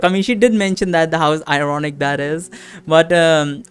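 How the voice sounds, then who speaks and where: A man's voice: fairly high pitch, moderate pace, clean tone. A man in his twenties giving casual, rambling commentary while playing a visual novel, swearing a lot. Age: 20s. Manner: animated, swearing, rambling with many fillers. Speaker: let's play host.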